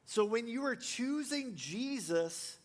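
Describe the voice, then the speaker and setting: A man's voice: very high-pitched, animated, slow. A male pastor preaching a sermon in a casual, joking way, full of fillers and restarts.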